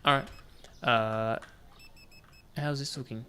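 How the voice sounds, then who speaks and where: A man's voice: medium pitch, steady tone, takes it slowly, sharp tone, smooth. A man giving casual, jokey commentary while playing a game, bantering with the customers on screen. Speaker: gaming video host.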